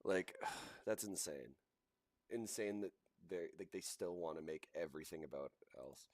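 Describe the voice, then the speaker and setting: A man's voice: low voice, a little slow, darkish tone, no echo. A man hosting a livestream, reacting to posts with indignant commentary. He repeats himself and laughs scornfully. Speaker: livestream host.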